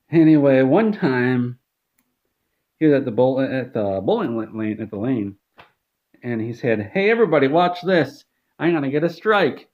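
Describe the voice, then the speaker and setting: A man in deadpan comedic storytelling, rambling with restarts. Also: medium pitch, muffled recording.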